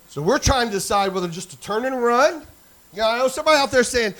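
A male pastor preaching a sermon, telling a personal story and building to fervent, shouted exhortation. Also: sits high, expressive, brisk.

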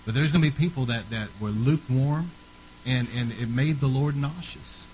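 A man preaching a fervent sermon, rising to loud, emphatic peaks and then dropping low and quiet. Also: normal speed, a little hiss or hum, rough recording.

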